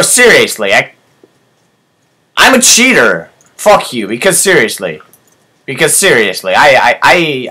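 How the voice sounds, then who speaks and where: Young guy narrating his game, bright voice, all over the place pitch-wise, cusses a lot. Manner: excitable, swears often, yelps at surprises. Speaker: let's player. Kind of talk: gameplay commentary.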